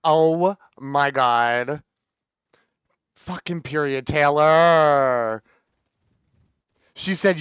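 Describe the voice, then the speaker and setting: Excitable man with a bright, clear voice. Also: on the high side, extremely slow, pauses often, dry recording. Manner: excitable, gushing, with sudden shrieks. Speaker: streamer. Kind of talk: casual live-stream chat. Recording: slightly dull, dry sound.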